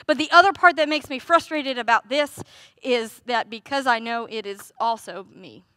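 A woman's voice: fairly high pitch, normal speed, pushed and bright, no echo, studio quality. A woman preaching a sermon in a conversational way, with rhetorical questions and playful asides.

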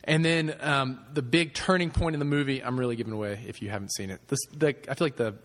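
A man's voice: mid-range voice, fast, fairly bright tone. A man preaching a sermon in a casual, conversational way, with filler words. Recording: echoey hall with long reverb.

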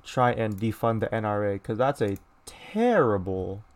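This young American podcast host has a lowish voice with lively intonation and an unhurried pace. Alone on a casual show, he reads a news story aloud, then rants about it with blunt profanity, restarts, and mocking voices.

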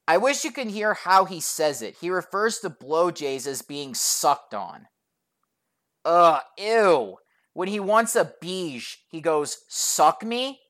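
A woman narrating a storytime vlog in a profane, sarcastic, exasperated way. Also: sits low.

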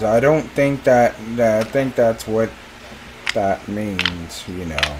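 A man's voice: lowish voice, slow. A man in a casual voice chat who talks hesitantly, restarting and repeating his words. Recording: loud background noise.

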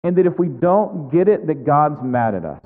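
A man's voice: on the high side, sing-song, normal speed. A man preaching a sermon as pastor, speaking earnestly and building to fervent emphasis. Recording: phone-like sound with long hall reverb.

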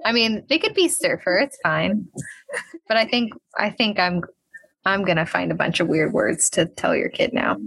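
Sometimes a young woman co-hosts a laid-back podcast, her voice mid-pitched and lively, peppered with "like" and quick laughs. She talks in a loose, excited back-and-forth recap style. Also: creaky, breathy edge, no echo. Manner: animated, laughs often, uses "like" a lot. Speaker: podcast co-host. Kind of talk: casual chat recapping a reality show.

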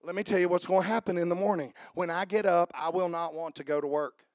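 A male pastor preaching a sermon to his church, swinging between shouted emphasis and low conversational asides. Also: fairly even intonation, fast talker, no room sound, clean studio sound. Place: church sanctuary.

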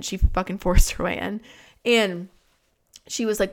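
A twenty-something woman hosting a podcast tells a personal story frankly and casually, swearing often and peppering her speech with "like." Her voice is medium-pitched, steady and fairly bright, at normal speed.

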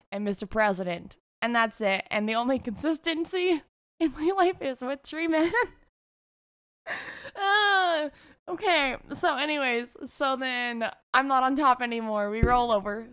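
A woman's voice: medium pitch, fairly bright tone, no room sound, studio quality. A young adult woman telling a candid, profane confessional story to her viewers, laughing often. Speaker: vlogger.

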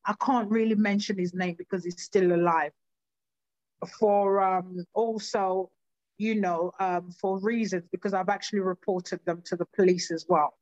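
A woman from Nigeria telling her own life story in an earnest, halting way, often restarting her sentences. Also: medium pitch, fairly even intonation, darkish tone, no echo, highs cut off. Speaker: personal storyteller. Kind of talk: recounting a personal life story.

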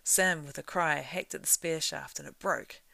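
A woman reads a story aloud in a low, gravelly voice. She keeps a steady storytelling line and lets it swell in the action. The sound is close and dry, with no room around it. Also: moderate pace, dry recording. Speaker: reader. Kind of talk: reading a novel aloud.

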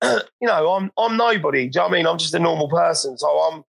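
A man hosting a casual podcast interview, talking hesitantly and self-deprecatingly with halting repetitions. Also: on the high side, gravelly, a bit bright. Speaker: podcast host. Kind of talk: casual chat.

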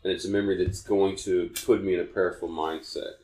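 A man with a notably low voice talks casually on a podcast, drifting through a story and backing up to restart his sentences as he goes. The room around him is echoey. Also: steady tone, a little fast, heavy background noise. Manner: rambling, self-correcting storyteller. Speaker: podcast co-host.

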